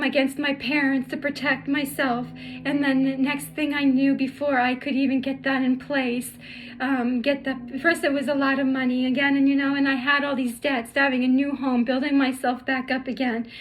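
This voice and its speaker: A middle-aged woman telling her life story through tears, halting and full of restarts. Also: high-pitched. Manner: halting, emotional, many restarts. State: tearful. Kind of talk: personal storytelling vlog.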